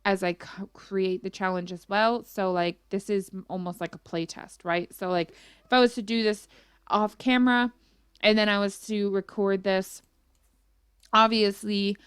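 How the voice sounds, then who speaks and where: A woman's voice: mid-range voice, fairly bright tone, clear, resonant tone, no echo. Chatty woman narrating a game. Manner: chatty, rambling with many fillers. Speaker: gaming YouTuber. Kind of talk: casual gameplay commentary.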